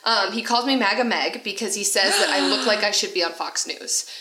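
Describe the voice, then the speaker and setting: A woman's voice: mid-range voice, a little fast, reverberant, poor audio. A woman co-hosting a podcast, telling a story in casual chat and acting out what others said. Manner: animated storyteller acting out quotes. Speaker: podcast co-host.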